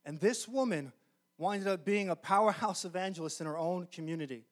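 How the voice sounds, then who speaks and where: A male pastor preaching a sermon in an earnest, emphatic way, often slowing down to stress key phrases. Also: high voice.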